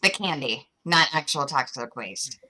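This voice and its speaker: A woman's voice: sits low, expressive, a little slow, pushed and bright, poor audio. A woman hosting a casual livestream chat, chatty and playful with frequent giggles. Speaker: host.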